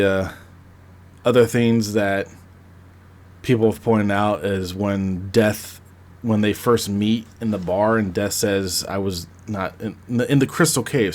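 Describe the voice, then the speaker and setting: A man's voice: fairly low pitch, steady tone, unhurried. A man casually retelling a film plot and reviewing it, rambling and conversational. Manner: rambling, conversational, frequent restarts. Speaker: podcast host reviewing a film.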